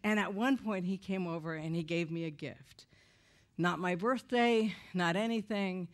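A woman tells a humorous personal testimony to a church audience, in a lively way, acting out the voices of the people in her story. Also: lowish voice, unhurried. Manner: animated, humorous, acts out quoted voices. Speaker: speaker giving a personal testimony. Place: church event before an audience.

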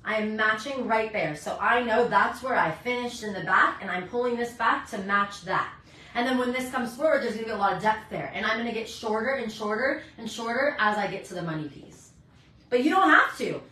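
A middle-aged woman hairstylist chatting brightly while she demonstrates hair toning in a salon, teaching as she works. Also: on the high side. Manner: bubbly, chatty, talks while working. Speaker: hairstylist educator. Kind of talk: live hair coloring tutorial. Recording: echoey room.

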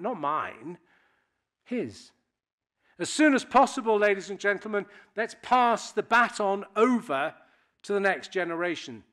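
A man's voice: high voice, fairly bright tone. A man in his sixties from Britain, giving a public speech to an audience and telling wry, anecdotal stories. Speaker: keynote speaker.

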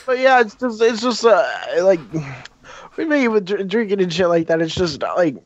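A man's voice: sits high, moderate pace, dull audio. A young man ranting in a casual chat, swearing often and filling gaps with "like". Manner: ranting, swearing, lots of filler words.

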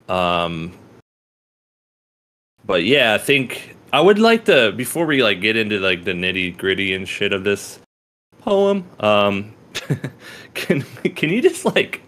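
Rambling, swearing man with a low voice. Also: a bit bright. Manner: rambling, profane, laughs often, many restarts. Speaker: podcast co-host. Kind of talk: casual conversation about poetry.

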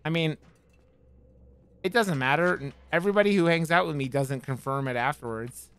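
A man's voice: fairly high pitch, normal speed, fairly bright tone, clear, resonant tone. A man streaming a horror game, joking with his chat and swearing as he plays. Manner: profane, joking, talks back to chat. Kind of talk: casual let's-play commentary.

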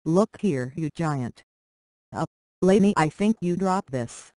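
A text-to-speech voice reading the lines of a cocky, teasing teenage boy in a flat, unacted delivery. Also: mid-range voice, slow, no echo. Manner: teasing, self-assured.

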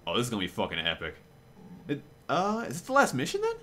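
A man's voice: mid-range voice, wildly swooping pitch, fast, bright, forceful tone, slight background noise. A man giving casual gameplay commentary, rambling and swearing freely with lots of fillers and restarts. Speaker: let's play commentator. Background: game music.

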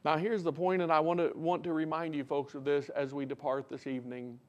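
Fervent preacher man, higher voice. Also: little pitch movement. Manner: rises to loud emphatic peaks then drops to quiet reflection; reads scripture slowly in old-fashioned wording. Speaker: pastor. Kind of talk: sermon. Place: church sanctuary.

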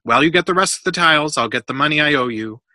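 Storybook builder, a grown man, bossy and snappish, read by a man; bright, dry voice. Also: a little high, lively intonation, fast talker, no echo, voice pushed up. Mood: grumbling. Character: short-tempered male builder, grown man.

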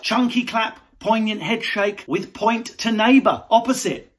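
A man's voice: sits high, unhurried, very noisy. A man, a comedian, delivering a brash, sweary, mocking comic rant.

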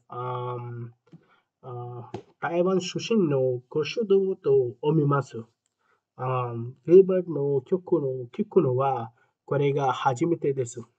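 A man from India, hosting a music reaction video in a casual, halting way and pausing often. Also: medium pitch, lo-fi sound. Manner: halting, reads careful learner Japanese with many pauses.

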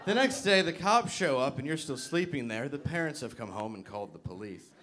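A man doing stand-up comedy, telling an animated story that builds to frantic shouting. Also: medium pitch, brisk, slight background noise.

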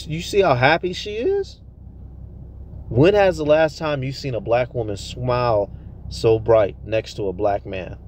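A man's voice: mid-range voice, a little hiss or hum. A man preaching a heated, profane rant full of rhetorical questions. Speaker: street preacher vlogger. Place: at a tire shop, near a vehicle.

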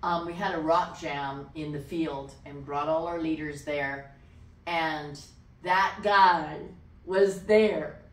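A woman pastor telling a personal testimony in an interview, animated, dropping to a whisper when she quotes voices. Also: sits low, measured pace, a little hiss or hum. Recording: echoey room, distant mic.

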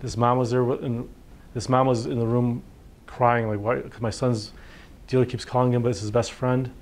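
A man's voice: medium pitch, level tone, moderate pace, a little mellow, a little hiss or hum. A man, a physician, giving an informal workshop talk on addiction, conversational and full of fillers. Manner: conversational, full of fillers, acts out patients' words. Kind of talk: informal lecture.

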